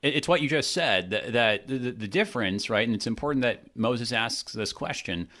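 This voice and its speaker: A man co-hosting a Bible discussion, talking casually and acting out the people in the text with lively quoted voices. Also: mid-range voice, normal speed. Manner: animated, acts out quotes, many restarts. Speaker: Bible study podcast co-host. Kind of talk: conversational Bible teaching.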